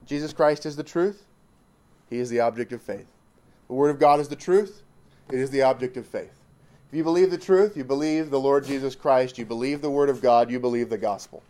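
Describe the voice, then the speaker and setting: A man's voice: medium pitch, a little fast, mellow. A man preaching a sermon, emphatic and repetitive, pressing points with rising exclamations.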